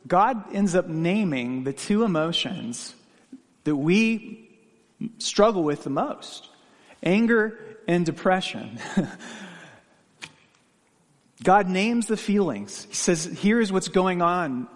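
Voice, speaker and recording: With a high-pitched voice echoing in a big room, a pastor preaches earnestly, posing questions to the congregation and recounting stories from his own life.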